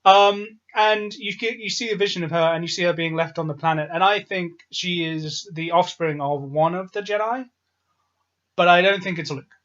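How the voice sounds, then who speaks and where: A man's voice: high voice, normal speed, a bit bright. A man co-hosting a casual film review, rambling and hedging his opinions. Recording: dull lo-fi sound.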